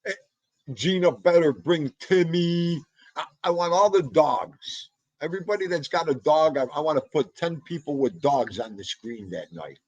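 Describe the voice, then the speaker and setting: A man's voice: on the high side, expressive, moderate pace, dry recording, dull audio. A man with a New York accent hosting a live podcast, chatting casually with viewers and calling out their names. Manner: chatty, shouts out viewers by name, jokey. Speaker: live podcast host reading chat. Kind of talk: casual livestream chat.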